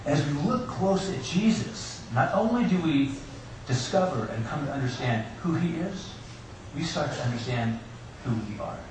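A male pastor delivers a sermon in a higher register, telling stories and dropping jokes along the way. His voice rings through a very echoey church and reaches the mic from a distance. A steady hiss sits under the whole recording. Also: normal speed. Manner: personal storytelling with joking asides. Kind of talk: Easter sermon. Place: church sanctuary.

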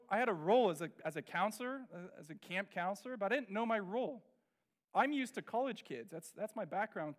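A middle-aged man delivers a storytelling sermon. His voice sits high for a man, and he slips into the voices of the people in his story as he tells it. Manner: animated, acts out quoted voices. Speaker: pastor.

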